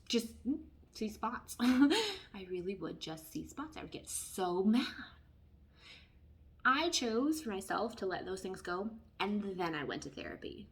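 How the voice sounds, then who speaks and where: A woman giving a casual tarot reading, chatty and expressive, who often drops into hushed asides. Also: mid-range voice, moderate pace. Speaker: tarot reader.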